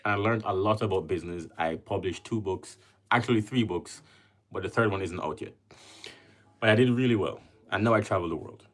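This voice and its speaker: A Jamaican man with a Jamaican accent hosts a casual livestream, reading viewers' comments aloud and chatting with them. His voice sits fairly low and moves a little fast.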